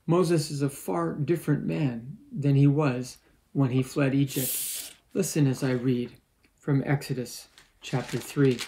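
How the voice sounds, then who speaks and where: A man preaching a sermon as lead pastor and reading scripture aloud in a measured, earnest way. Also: mid-range voice, steady tone, mellow, a little hiss or hum, rough recording. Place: church.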